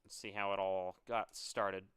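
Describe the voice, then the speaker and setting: A young man calling live play-by-play for an online racing series, excitable and exclaiming at crashes. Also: low-pitched, unhurried, clear, resonant tone, no echo. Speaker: race commentator. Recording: loud racing game engine noise behind.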